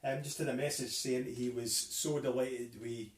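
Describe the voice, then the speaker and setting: A man's voice: medium pitch, steady tone, moderate pace. A Scottish man, a fiddler and co-host, chatting in a dry, offhand way on a live stream. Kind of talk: casual chat on a live stream. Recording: echoey room with background noise.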